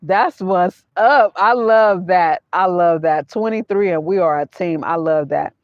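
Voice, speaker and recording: A woman's voice: on the low side, measured pace, no echo. A woman hosting a casual livestream from her van, talking straight to her viewers, repeating her phrases and laughing often. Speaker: vanlife vlogger hosting a livestream. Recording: dull lo-fi sound.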